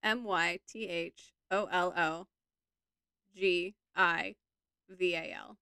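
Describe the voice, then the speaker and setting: Woman podcast co-host, unhurried, giggly and rambling, dry close mic. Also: lowish voice, steady tone, vocal fry, bright, forceful tone, clean tone, no echo. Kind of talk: casual chat.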